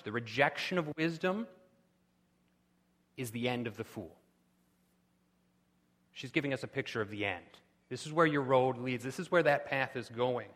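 A man preaching a sermon with impassioned delivery, rising to loud pleading cries. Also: medium pitch, moderate pace, long pauses, long reverb tail. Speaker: pastor.

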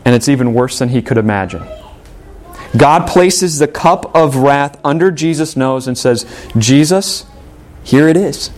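A man's voice: medium pitch, normal speed. Man preaching an earnest sermon. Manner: earnest, repetitive emphatic preaching. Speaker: pastor.

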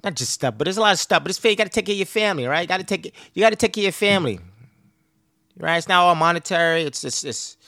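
A man's voice: high voice, expressive, rapid-fire, bright, forceful tone, dry recording, studio quality. A man in his thirties hosting a podcast, rambling casually and profanely about family life, laughing often. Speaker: podcast host.

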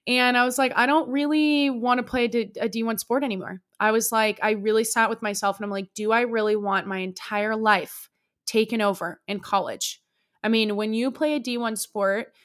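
A woman's voice: medium pitch, fairly bright tone. A young woman in her twenties hosting a podcast, candidly telling a personal story in an emotional, unfiltered way and swearing freely. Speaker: podcast host.

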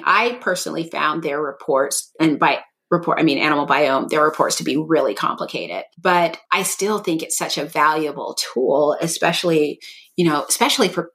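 Her low, fairly bright voice moves at normal speed as she casually chats on a podcast she co-hosts. The woman thinks aloud, letting her sentences run long and rambling.

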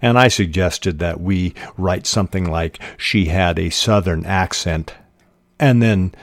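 A man hosting a podcast on fiction writing, reading passages aloud and explaining them in a measured way with frequent pauses and fillers. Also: low voice, no echo.

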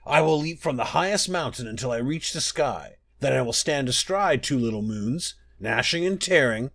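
A monstrous, ever-hungry wolf snarls threats at the sky, as a man reads him aloud. The voice moves through a lively, wide pitch range. It belongs to a told fairy tale, not a cartoon. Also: moderate pace, gravelly, dry recording. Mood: snarling menace. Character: huge ravenous male wolf, menacing and greedy.

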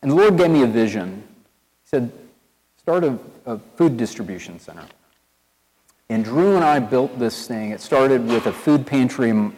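Southern pastor preaching in a reverberant church. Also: male voice, medium pitch, husky. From East Tennessee, USA. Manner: conversational storytelling, animated and earnest. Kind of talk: sermon. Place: church sanctuary with long reverb.

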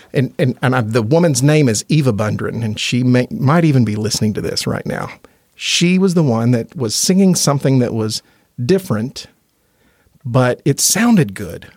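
A man's voice: medium pitch, a little mellow, no echo, studio quality. A man from Indiana, a gospel quartet tenor, telling earnest, chatty stories as a podcast guest and laughing easily. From Indiana, USA. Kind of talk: casual interview storytelling.

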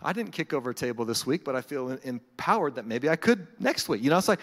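A man preaching a sermon as pastor, conversational and animated, acting out what people say. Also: on the high side, fast talker, few pauses. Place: church sanctuary. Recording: long hall reverb.

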